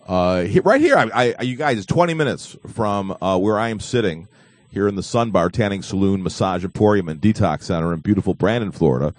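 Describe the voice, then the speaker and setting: A man's voice: on the low side, lively intonation, fairly quick, no room sound. A man hosting a live online talk show, joking and rambling with frequent fillers and restarts. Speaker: host.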